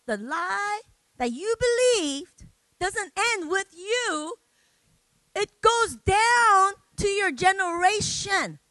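Female preacher, very high bright voice, slow conversational sermon delivery, dry close sound. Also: no room sound. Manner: conversational preaching, tags "right?", acts out examples.

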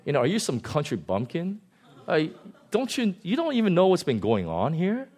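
A man's voice: on the high side, huge pitch swings, normal speed, a little mellow, pitched above the performer's own voice. A man preaching, who voices a scornful male disciple scolding a stranger in a mocking, disbelieving tone. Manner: mocking, incredulous.

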